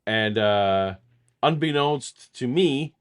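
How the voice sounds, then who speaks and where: A man's voice: medium pitch, animated, slow, smooth. A middle-aged man co-hosting a casual chat, telling a long self-deprecating story full of restarts. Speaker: podcast co-host.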